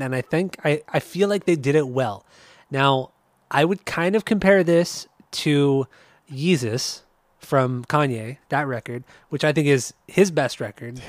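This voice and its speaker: A man co-hosting a podcast in casual chat, easygoing and quick to laugh, with hesitant restarts. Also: mid-range voice, dry recording. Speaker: podcast co-host.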